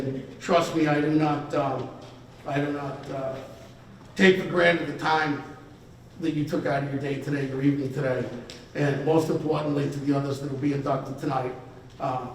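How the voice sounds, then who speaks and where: A man's voice: fairly high pitch, slight background noise. A man in his fifties giving a rambling, self-deprecating hall of fame acceptance speech at a banquet dinner. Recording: echoey banquet hall from far off.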